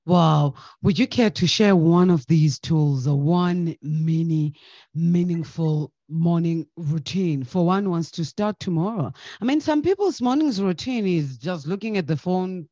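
Slow-talking woman interviewer, dry sound. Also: lowish voice, animated, dark tone, no room sound, lo-fi sound. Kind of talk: podcast interview.

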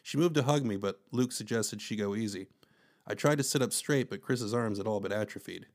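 A man's voice: fairly low pitch, fairly quick, a little mellow. Wry man narrating a story. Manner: wry, conversational asides. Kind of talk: first-person story narration.

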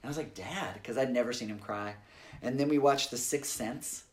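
A man in his thirties co-hosting a podcast, telling personal stories in a casual, animated way. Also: mid-range voice, moderate pace. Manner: animated storyteller, acts out quoted family voices. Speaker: podcast co-host. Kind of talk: casual chat.

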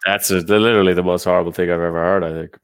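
A man with an Irish accent tells rowdy party stories, swearing freely and laughing as he goes. His voice sits very low. The sound is dry and close. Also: fairly even intonation, rapid-fire, smooth, no echo. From Ireland. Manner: profane, laughing storyteller. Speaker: comedian podcast host. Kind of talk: casual storytelling chat.

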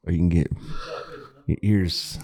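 A man's voice: low-pitched, steady tone, a little slow, creaky, mellow. A man hosting a podcast, chatting casually and playfully and laughing often. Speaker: podcast host. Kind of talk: casual chat.

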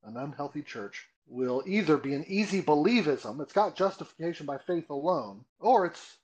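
A man's voice: fairly high pitch, animated, normal speed, a little mellow, poor audio. A man, a pastor being interviewed, explaining doctrine earnestly with rhetorical questions and emphatic repeats. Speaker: pastor guest. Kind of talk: conversational teaching interview.

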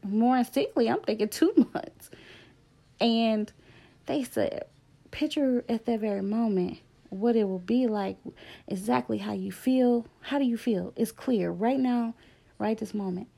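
Gravelly low-toned woman telling a story. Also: warm tone. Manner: candid, emphatic, drifting between fast and slow. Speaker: speaker sharing a personal story. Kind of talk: casual testimonial storytelling.

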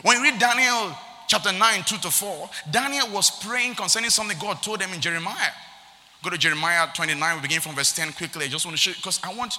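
Pastor guy preaching hard, high bright voice, big echoey hall. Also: fast talker. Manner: emphatic, repetitive, reading scripture aloud. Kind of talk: sermon.

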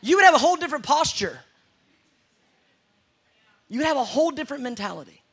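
A man's voice: very high-pitched, big pitch swings, fast, fairly bright tone. A man preaching a sermon, telling stories with playful acted-out scenes.

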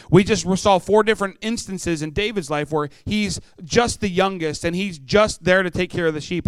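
A man's voice: a little high, clean tone, no echo. Middle-aged man, youth preacher, storytelling sermon, clean resonant voice, close and dry. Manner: storytelling, acts out voices, asks the room questions. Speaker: preacher speaking to teenagers.

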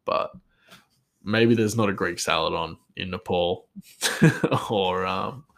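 A man's voice: deep voice, slow pace, creaky, fairly bright tone. A man, a chef, telling a story in a rambling, casual way and chuckling often.

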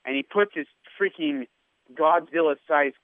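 A man who is a radio sports host, excitedly telling an anecdote and acting out the quoted lines. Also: a little high, measured pace, no echo. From India. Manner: animated anecdote teller, acts out quoted lines. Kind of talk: casual storytelling. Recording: tinny phone-like line.

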